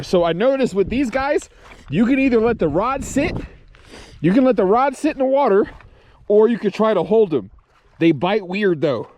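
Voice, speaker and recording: A man vlogging his solo fishing trip outdoors, talking excitedly to the camera and the fish he catches, swearing casually as he films himself. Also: high-pitched, dry recording. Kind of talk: excited outdoor vlog commentary. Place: outdoors on a reservoir shore.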